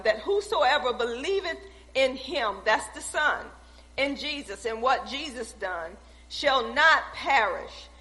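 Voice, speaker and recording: A woman with a high, bright voice preaches a sermon. She stacks emphatic, repeating phrases in a steady preaching cadence. Her voice carries through a long-echoing church hall. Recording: echoey hall.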